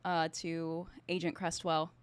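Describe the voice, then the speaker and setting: A woman's voice: sits low, flat delivery, smooth, no echo. Woman playing a tabletop game, dry sound. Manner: brisk, earnest player who laughs easily. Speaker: player.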